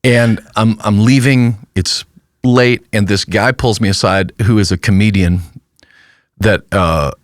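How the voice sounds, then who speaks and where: Low-voiced man telling a story. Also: steady tone, no room sound, studio quality. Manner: self-deprecating storyteller, halting restarts. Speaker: pastor and podcast host. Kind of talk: casual chat.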